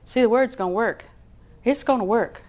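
A woman with a slightly high voice preaches a conversational sermon at a moderate pace. She tells homespun stories full of laughing asides, acts out other people's voices, and drops to a whisper for emphasis.

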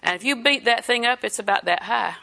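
Bright-voiced older woman preacher. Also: a little high, a little fast, creaky. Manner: folksy, chatty, laughs often. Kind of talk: sermon.

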